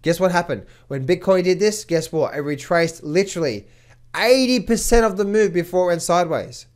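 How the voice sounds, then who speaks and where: A man's voice: high-pitched, normal speed. Emphatic trading coach, man, repeating himself. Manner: emphatic, repeats words when excited. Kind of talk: market commentary to camera.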